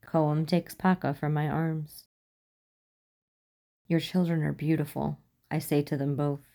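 Slow, low-voiced woman reading a story. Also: flat delivery, gravelly, mellow. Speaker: fan fiction reader. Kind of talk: audiobook narration.

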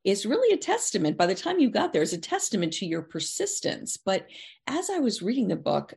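A woman's voice: medium pitch, wildly swooping pitch, a little fast, vocal fry, darkish tone. A woman interviewing an author, asking admiring, thoughtful questions.

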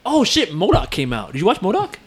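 A young man co-hosting a casual podcast with a lively voice that swoops up and down. He is animated and swears freely, often jumping into quick outbursts of disbelief. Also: high-pitched, husky. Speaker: podcast co-host. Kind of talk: casual chat.

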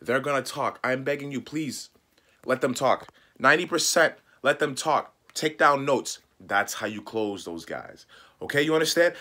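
A man in the middle of the usual pitch range coaches loan officers straight to camera. He talks emphatically, keeps repeating his points and begs his listeners to follow his advice. Now and then he acts out sample phone calls and messages. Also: expressive, normal speed, pushed and bright. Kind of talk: direct-to-camera teaching talk.

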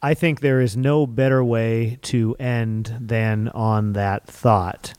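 Male host, mid-pitched, slow and measured, dry booth sound. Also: fairly even intonation, darkish tone, clear, resonant tone, dry recording. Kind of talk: interview wrap-up.

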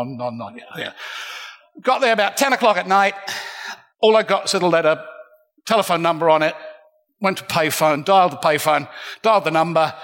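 A man's voice: on the high side, creaky, bright, forceful tone. An older man telling a comic, self-mocking story live on a festival stage. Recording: reverberant hall.

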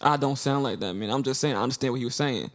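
With a medium-pitched voice and a quick pace, this young podcast co-host spins animated stories during a laid-back chat. He leans on slang and performs the quotes he recounts.

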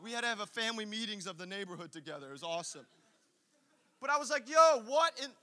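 A man with a very high, bright voice preaches a sermon. He tells his story with energy and acts out the quotes as he goes. His voice rings with long reverb through a large church hall. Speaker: pastor.

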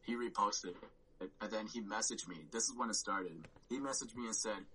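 In a casual storytelling chat as a podcast guest, a man rambles through a story with frequent "like"s and swearing, acting out his own reactions. His lowish voice moves at normal speed, bright and forceful, on a rough recording with a little hiss or hum.

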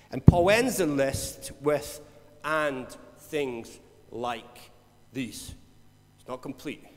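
Pastor preaching in a reverberant hall. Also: male voice, medium pitch. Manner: storytelling, acts out voices and laughs between lines. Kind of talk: conversational sermon.

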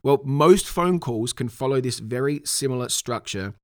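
A man teaching real estate sales calls in an emphatic, energetic coaching tone. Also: medium pitch, moderate pace, dry recording, studio quality. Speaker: sales trainer. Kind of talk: instructional talk.

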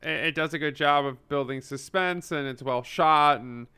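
A man's voice: a little high, moderate pace, pushed and bright, clean tone. A young man co-hosting a casual chat, telling stories with enthusiasm. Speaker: podcast co-host.

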